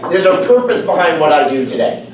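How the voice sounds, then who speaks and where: A man giving a humorous club speech, telling bar jokes in a chatty way. his voice sits a little high and moves around a lot. he is far from the mic, in a meeting room with heavy echo. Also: sing-song, a little fast, noisy background. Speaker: club speaker.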